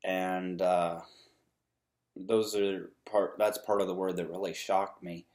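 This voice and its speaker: A man's voice: deep voice, little pitch movement, takes it slowly, a little mellow. A man vlogging a casual, earnest rant to camera, rambling with many ums and restarts, frustrated but upbeat.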